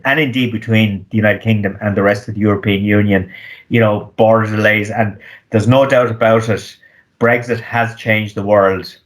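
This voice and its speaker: A man, an economist, giving measured interview answers with frequent ums and restarts. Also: lowish voice. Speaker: economist guest.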